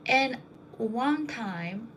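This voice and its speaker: A woman's voice: fairly high pitch, expressive, very slow, a bit bright, a little hiss or hum, poor audio. A young woman casually telling rambling anecdotes, with lots of fillers. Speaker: storyteller.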